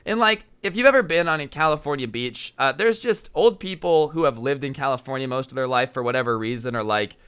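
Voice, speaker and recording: A man's voice: medium pitch, brisk, hardly any pauses, fairly bright tone, clear, resonant tone. A young man, a YouTuber, casually telling a story with many fillers and an amused tone. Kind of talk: storytime vlog.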